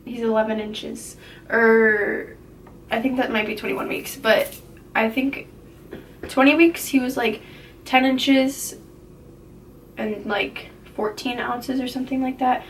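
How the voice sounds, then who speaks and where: A woman's voice: a little high, fairly even intonation, slow pace, long pauses. Chatty giggly young woman vlogging. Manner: chatty, giggly, rambling with fillers. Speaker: vlogger sharing a pregnancy update. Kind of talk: casual chat. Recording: slightly distant mic with faint noise.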